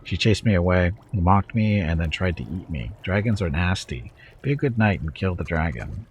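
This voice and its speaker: Demon queen for a game read-through: whiny, petulant, gurgling, falsely flirty, put on by a deep-voiced man. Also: expressive, moderate pace, slight background noise. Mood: whining. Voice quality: gurgling, purring. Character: petulant self-pitying female demon queen.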